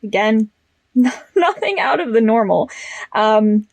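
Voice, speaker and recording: A woman's voice: on the high side, animated, slow, a little mellow, no room sound. Young woman vlogging frankly, dry close sound. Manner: frank and chatty, with frequent fillers. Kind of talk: candid personal vlog.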